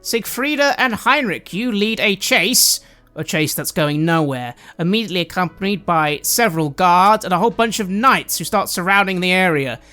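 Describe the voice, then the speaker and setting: A game master narrating a tabletop roleplaying game and giving the players direction briskly. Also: female voice, lowish voice, lively intonation, sharp tone.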